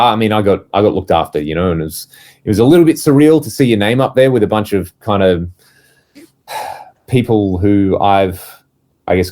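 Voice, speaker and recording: Guy, low register, casual co-host, animated anecdotes with acted-out quotes. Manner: animated storyteller, acts out quoted voices. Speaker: podcast co-host, touring musician. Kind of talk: casual chat.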